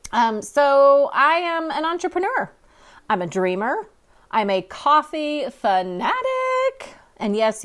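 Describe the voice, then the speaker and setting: A woman's voice: mid-range voice, a bit bright. A woman in her fifties from California, hosting her own podcast in a bubbly, candid, self-deprecating solo talk. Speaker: podcast host. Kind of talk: upbeat solo podcast monologue.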